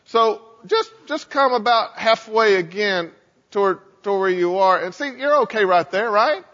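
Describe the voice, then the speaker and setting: Wheedling male tempter devil, flattering and coaxing, played by a male preacher. Sounds high and lifted, in an echoey hall. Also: moderate pace, highs cut off. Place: church sanctuary.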